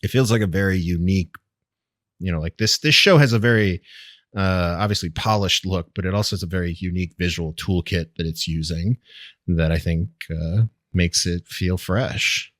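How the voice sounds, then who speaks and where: Low-voiced man, podcast co-host. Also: moderate pace, no echo, clean studio sound. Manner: chatty, animated, amused. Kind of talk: casual podcast chat.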